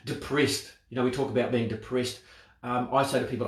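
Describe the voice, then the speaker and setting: A man's voice: medium pitch, fairly even intonation, fairly quick, echoey room. A man giving a motivational talk on self-talk, reflective and full of rhetorical questions. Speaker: speaker on mental wellbeing.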